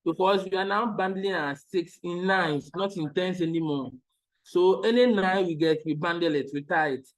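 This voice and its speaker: Patient male maths teacher, higher voice. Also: moderate pace, poor audio. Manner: patient, repeats steps and checks understanding. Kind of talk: online maths lesson.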